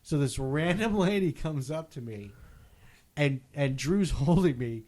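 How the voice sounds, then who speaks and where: A man co-hosting a podcast, telling a story in a casual, animated way and loudly acting out what people said. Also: on the high side, measured pace. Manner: animated, acts out quotes loudly. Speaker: podcast co-host.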